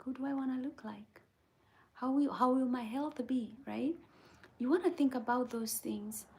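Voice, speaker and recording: A woman hosting her channel in a casual motivational chat, reading viewer comments and often checking in with "right?" in a soft, breathy near-whisper. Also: fairly high pitch. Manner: earnest, repeats "right?" and "okay?" to check in with viewers. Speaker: channel host.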